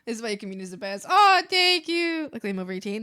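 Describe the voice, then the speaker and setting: A woman's voice: fairly high pitch, very animated, quick pace, bright, forceful tone, clean tone. A young adult woman streamer chatting casually with her viewers, rambling with many fillers and frequent giggles. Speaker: art streamer.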